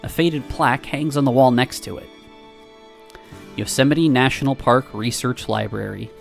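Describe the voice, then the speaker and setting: A man streamer reading a visual novel aloud with wry, animated storytelling. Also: medium pitch, normal speed, creaky, faint music behind.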